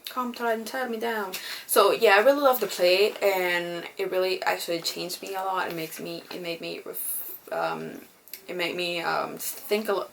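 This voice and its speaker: A young woman talks to her viewers in a loose, rambling way, with plenty of ums and casual swearing. Her voice sits a little low for a woman. A faint hum of background noise runs under her speech. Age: young adult. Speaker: beauty vlogger. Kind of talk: casual chat.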